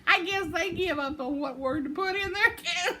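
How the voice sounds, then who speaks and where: A woman's voice: very high-pitched, normal speed. An older woman, casually telling a rambling story with self-deprecating chuckles. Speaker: vlogger. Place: home. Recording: noisy home recording.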